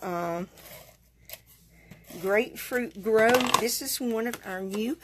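A woman's voice: mid-range voice, a little hiss or hum. A woman chats in a folksy, rambling way with viewers during a live card-making demonstration. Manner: chatty, folksy, rambling asides. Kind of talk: live craft demo chatting with viewers.

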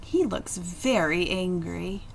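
A woman teacher reading a picture book aloud to children in her backyard, with slow, expressive storytelling and asides to her listeners. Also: fairly low pitch, vocal fry, slight background noise. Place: backyard outdoors.

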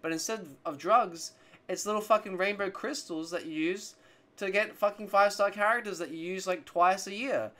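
A man reacting to gacha game pulls, excitable, swearing a lot and pleading with the game. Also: sits high, normal speed. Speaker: gaming content creator.

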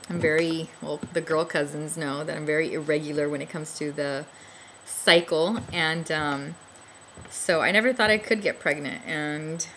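Bright, chatty young woman vlogger. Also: low-pitched, slight background noise. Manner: chatty and rambling, many fillers, restarts and little laughs. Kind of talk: casual personal storytelling to camera.

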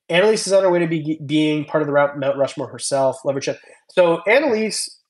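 A young man casually chatting on his stream, rambling and thanking viewers by name as he reads their comments. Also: a little high. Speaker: reptile channel host. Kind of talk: casual livestream chat reading comments.

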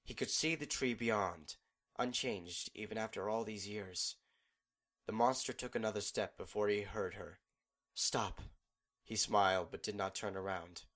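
A man narrating a fan fiction audiobook in a steady, measured storytelling manner. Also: fairly low pitch.

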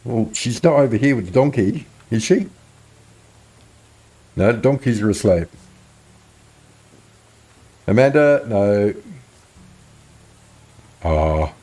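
A man's voice: on the low side, warm tone, husky. A man giving joking, playful commentary while playing a video game. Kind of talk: casual gameplay commentary.

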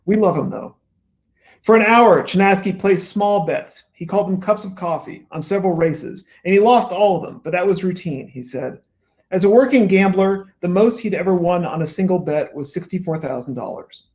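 A man's voice: high voice, animated, normal speed, a little mellow. Man reading aloud with wry asides. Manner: wry asides between read passages. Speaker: author. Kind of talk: reading from his own book at a bookstore event.

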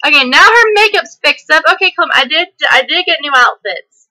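A woman's voice: sits high, lively intonation, moderate pace, bright, forceful tone, low-quality recording. A woman hosting a gameplay video, chatting hyperly and laughing often, sometimes slipping into a country twang. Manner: slips into a country twang at times. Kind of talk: casual chat while playing.

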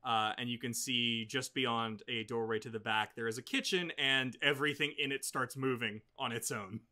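A man narrating a tabletop game as game master, unhurried, with plenty of fillers and small asides. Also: medium pitch, fairly even intonation, pushed and bright.

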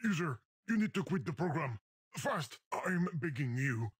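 An exasperated talking game. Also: male voice, on the high side, sing-song, moderate pace, heavy background noise. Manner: exasperated, pleading. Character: flustered talking game, male, put-upon.

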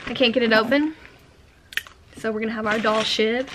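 A young woman, chatting casually to camera while opening fan mail, sassy and excitable, swearing freely. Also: fairly high pitch, a little fast, pauses often, background noise.

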